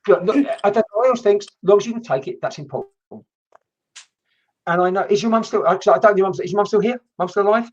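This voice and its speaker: A woman's voice: medium pitch, fast talker, darkish tone, husky, lo-fi sound. A woman working as a medium, giving a chatty live-streamed reading and swearing casually as she talks. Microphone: computer mic on a video stream.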